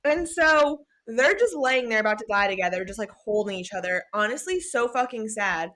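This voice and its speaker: A young adult woman co-hosting a podcast, recapping a book in casual chat, animated and sweary, acting out the characters' lines. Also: a little high, moderate pace. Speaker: podcast co-host.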